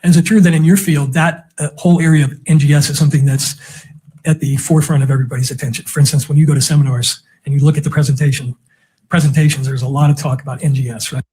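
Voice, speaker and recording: A man's voice: fairly high pitch, level tone, fast talker, a little mellow, slightly rough. A man cross-examining a witness in a courtroom with methodical, leading questions. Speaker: defense attorney.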